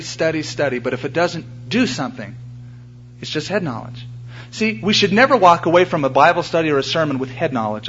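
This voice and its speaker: A man's voice: fairly high pitch, a bit bright. A man pastor preaching a sermon in a church, earnest and emphatic, stressing his points by repeating phrases. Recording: dull lo-fi sermon recording with faint hum.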